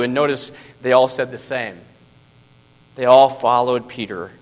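A man preaching a sermon as pastor, emphatic and full of rhetorical questions, dropping to a hush and then rising to loud stresses. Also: mid-range voice, steady tone, unhurried, long reverb tail, low-quality recording.

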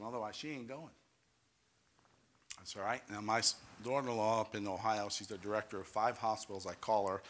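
With a fairly low voice and a New York accent, this older New Yorker preaches a fervent testimony sermon as a pastor, climbing into loud exclamations and asking the congregation for amens.

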